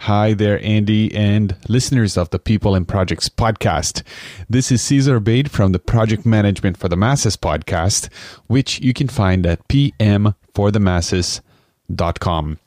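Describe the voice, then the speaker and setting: A man's voice: fairly low pitch, unhurried, a little mellow, no room sound, studio quality. A male podcast host casually introduces and tells a story, with small restarts. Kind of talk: telling a story.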